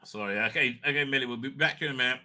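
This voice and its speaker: A man's voice: medium pitch, rapid-fire, pushed and bright. A man hosting a casual livestream, rambling crudely with many fillers and tag questions. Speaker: livestream host.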